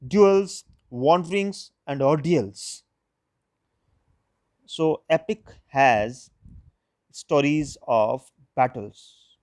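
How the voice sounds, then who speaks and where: A man, an English lecturer, giving a recorded lecture, explaining slowly and repeating key terms. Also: mid-range voice, a little mellow, no echo, studio quality.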